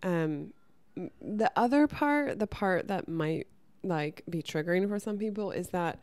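A woman talking casually to camera about spiritual growth, chatty and soft, often saying "like" and restarting her sentences. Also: fairly low pitch, animated, a little slow. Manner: chatty, many "like" fillers and restarts.

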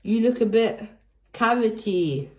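A woman's voice: fairly high pitch, lively intonation, slow pace, darkish tone, roomy sound. A woman voicing a cheerful, curious little girl piglet in a storybook read-aloud.

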